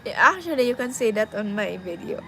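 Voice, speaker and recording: A young woman with a Cebuano Filipino accent, telling a personal story casually and pausing often to find her words. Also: fairly high pitch, very animated, fairly bright tone, slight background noise, poor audio. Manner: halting, searching for words. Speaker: vlogger.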